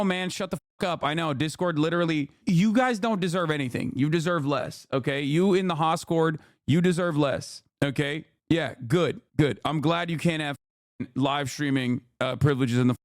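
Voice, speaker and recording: A man's voice: a little high, moderate pace, dry recording, clean studio sound. A man streaming from home, ranting and mocking his chat in a profane, casual commentary.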